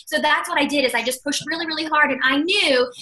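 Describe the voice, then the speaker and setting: A woman's voice: high-pitched, quick pace, bright, forceful tone, rough recording. A woman in her thirties telling her personal success story on a call, chatty and upbeat, with many "like"s and "you guys". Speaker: guest speaker.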